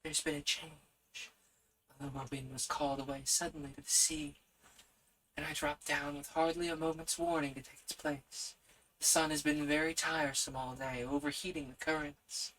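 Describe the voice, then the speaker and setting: In a whispered role-play, this is an ancient, gentle wind spirit that speaks in a breathy hush, put on by a man reading a storybook aloud. The voice is soft and airy, tender rather than eerie. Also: fairly high pitch, little pitch movement, moderate pace, pitched above the performer's own voice, natural voice, poor audio.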